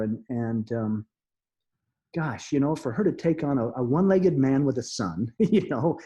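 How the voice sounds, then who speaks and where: An interview guest, a middle-aged man with a mid-range, slightly rough voice, recounts a personal story. He speaks earnestly but haltingly, restarting often and laughing softly.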